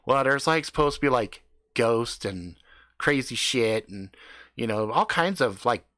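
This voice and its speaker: A man's voice: mid-range voice, lively intonation, sharp tone, no room sound, clean studio sound. A man voicing a laid-back, streetwise teenage boy who drawls his words. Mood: casual. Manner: slow, drawn-out, full of "like".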